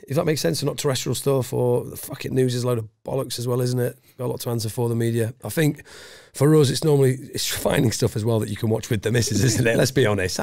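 Gravelly english bloke, middle-aged, swears a lot, dead dry sound. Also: male voice, medium pitch, a little mellow, dry recording. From England. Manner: blunt, sweary, matey. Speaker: podcast guest, former special forces. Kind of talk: casual interview chat.

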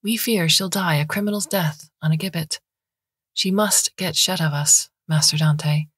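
A woman's voice: low-pitched, steady tone, moderate pace, breathy edge, dry recording, clean studio sound. A woman voicing a tiny oracle creature that lives in a vase, speaking in a faint, metallic, earnest whisper. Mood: grave.

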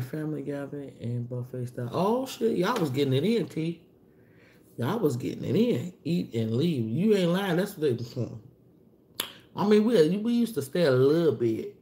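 A woman hosting a casual livestream, chatting loosely and reading out viewer comments, her voice jumping up as she greets people. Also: slight background noise. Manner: chatty, reads and answers viewer comments aloud, loose slangy talk; animated, pitch jumps up for greetings. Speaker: livestream host. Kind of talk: casual live-stream chat with viewers.

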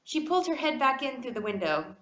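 Animated woman reading a storybook. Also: sits high, fairly quick, reverberant. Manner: expressive, animated. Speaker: reader. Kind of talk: storybook read-aloud.

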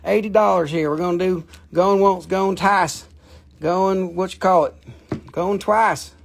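Gravelly, joking man selling crystals. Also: high voice, steady tone, measured pace, a little hiss or hum. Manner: joking, rambling, cusses a lot. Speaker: host of a live crystal sale. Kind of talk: casual live sales chat.

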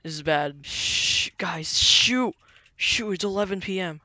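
A gamer giving live commentary while playing, jumpy and excitable, repeating words in quick bursts and yelping when something startles them. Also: mid-range voice, dry recording. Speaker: gamer playing a horror game. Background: game music.

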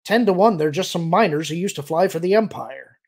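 Audiobook: a man doing a brash male pilot, impatient, growling, gravelly, husky. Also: high voice, lively intonation, fairly quick, a little mellow, pitched above the performer's own voice, heavily acted.

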